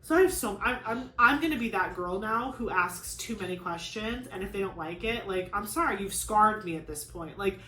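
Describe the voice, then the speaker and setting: A woman's voice: mid-range voice, lively intonation, normal speed, hardly any pauses, sharp tone. A young woman chatting casually to camera as a crafting vlogger, telling a long story in a rambling way, full of "like" and restarts. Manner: rambling, filler-heavy storytelling with many "like"s. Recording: echoey room with faint noise.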